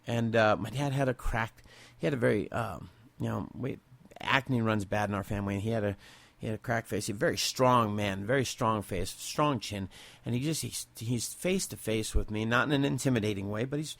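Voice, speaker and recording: A man in his forties with a fairly low voice tells a personal story unscripted. He talks candidly and with feeling, rambling and restarting as he goes, and the recording is close and dry with no room sound. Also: moderate pace, creaky, a bit bright, no room sound. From Southern California. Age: 40s. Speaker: podcast host.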